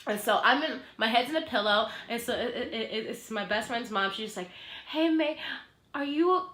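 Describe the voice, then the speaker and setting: A woman's voice: fairly high pitch, fairly quick, sharp tone, reverberant. A woman co-hosting a podcast, telling a story in casual chat, acting out quotes and laughing often. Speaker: podcast co-host.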